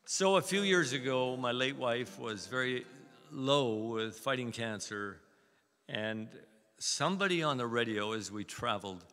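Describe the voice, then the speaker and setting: A man's voice: medium pitch, expressive, a little slow, sharp tone, big-room sound. A man in his seventies, a guest preacher giving a chatty, folksy, anecdotal sermon in a church. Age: 70s. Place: church sanctuary.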